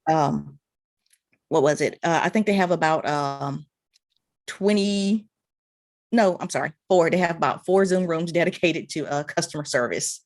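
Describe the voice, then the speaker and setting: A woman's voice: low-pitched, moderate pace, a little mellow, no room sound, studio quality. A woman hosting an interview on a video call, speaking hesitantly with many ums and uhs. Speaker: interview host. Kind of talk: casual interview chat.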